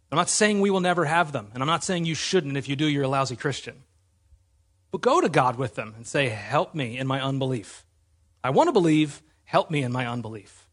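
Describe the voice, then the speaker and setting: Pastor, male, fairly high husky voice, earnest emphatic sermon delivery. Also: a bit bright. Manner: earnest, emphatic preaching with rhetorical questions.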